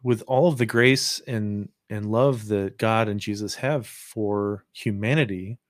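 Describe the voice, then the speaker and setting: A man's voice: fairly low pitch, unhurried, dry recording, studio quality. Man musing on faith, podcast co-host. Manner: reflective, joking asides. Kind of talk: casual faith discussion.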